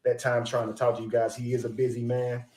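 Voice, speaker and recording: A man hosting an interview show, talking in an animated, encouraging way. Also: medium pitch, fast talker, echoey room. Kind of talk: casual interview chat.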